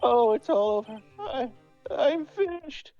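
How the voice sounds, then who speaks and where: A woman's voice: high voice, animated, measured pace, mellow, dull audio, soft background music. A woman voicing a melodramatic young man in despair, in a live fan dub of a game. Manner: wailing, over-the-top despair. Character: distraught young man, melodramatic, accused of murder.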